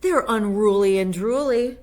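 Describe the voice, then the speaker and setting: A woman's voice: mid-range voice, big pitch swings, slow pace, voice pushed up. A woman voicing a fussy mother cat who makes emphatic, theatrical warnings in a storybook reading. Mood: dramatic.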